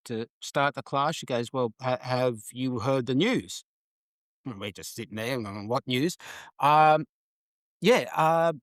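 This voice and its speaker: A man hosting a podcast, chatty and quick to laugh as he tells stories. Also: medium pitch, clean tone, dry recording. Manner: chatty storyteller, laughs often. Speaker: podcast host. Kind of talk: casual chat.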